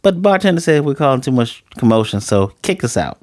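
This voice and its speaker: A man's voice: medium pitch, very animated, quick pace, a little mellow, no echo, clean studio sound. A young man recapping and reviewing an anime episode in a loose, joking, slangy way, swearing freely.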